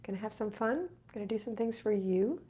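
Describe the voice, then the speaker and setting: During a live question-and-answer stream, a middle-aged woman who hosts a home organizing channel reads viewer comments and encourages them chattily. Her voice is medium-pitched, warm, and expressive, and she speaks briskly.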